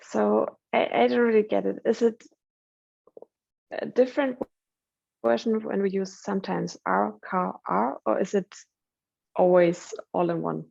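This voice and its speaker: A woman's voice: mid-range voice, steady tone, a little slow, gravelly, long pauses, darkish tone, muffled recording. A woman student whose first language is German, asking hesitant questions in class.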